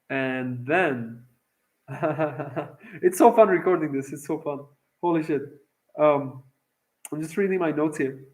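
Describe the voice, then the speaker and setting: Excitable, swearing young man telling a story. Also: fairly high pitch, rough recording. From Iran. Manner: profane, excitable, rambling with fillers. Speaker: vlogger. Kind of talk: casual storytelling monologue.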